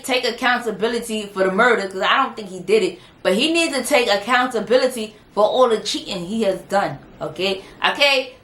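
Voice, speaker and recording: Give me an animated, sassy woman recapping a drama episode, bright tone, roomy echo. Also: medium pitch. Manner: animated, sassy, says honey and child. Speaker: TV show reviewer. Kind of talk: casual episode recap commentary. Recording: roomy echoey room.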